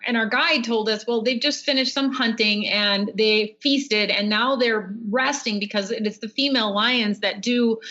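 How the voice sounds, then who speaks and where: A woman's voice: medium pitch, a bit bright. A middle-aged woman guest on a radio interview, chatty, with many fillers and easy laughs. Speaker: guest author. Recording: dull lo-fi radio audio.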